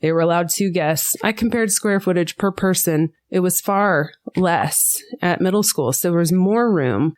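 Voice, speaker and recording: A woman being interviewed on a podcast, telling a personal story with lively energy and acting out the voices of people she quotes. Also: lowish voice, moderate pace, few pauses. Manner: animated storyteller who acts out quoted voices. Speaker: guest, school board member.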